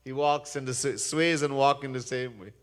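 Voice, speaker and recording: A man's voice: medium pitch, moderate pace. A man preaching as a swami, telling a scripture story earnestly and chanting verses, recorded in a Hindu temple. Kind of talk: sermon storytelling. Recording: echoey temple hall.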